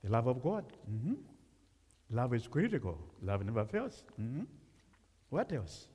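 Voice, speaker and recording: A man's voice: medium pitch, sing-song, unhurried, warm tone, breathy edge. A man from Africa preaching as a guest speaker, talking conversationally and putting questions to the congregation. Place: church sanctuary. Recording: long church reverb.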